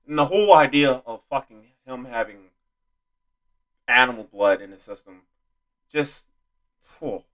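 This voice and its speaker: A man's voice: mid-range voice, expressive, measured pace, long pauses, fairly bright tone. A young man giving casual, rambling movie commentary as a video host, with lots of fillers and swearing. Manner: rambling, frequent fillers and profanity.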